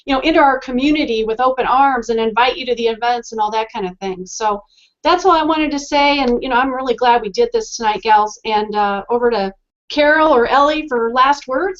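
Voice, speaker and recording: Friendly, rambling woman on a video call. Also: fairly high pitch. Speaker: panel co-host. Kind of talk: casual chat. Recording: muffled video call audio.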